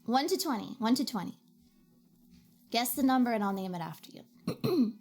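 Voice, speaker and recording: A woman's voice: fairly high pitch, lively intonation, moderate pace, darkish tone, soft background music. A young woman streaming a game in casual chat, giggly and chatty, often restarting her sentences. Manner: giggly, chatty, self-interrupting.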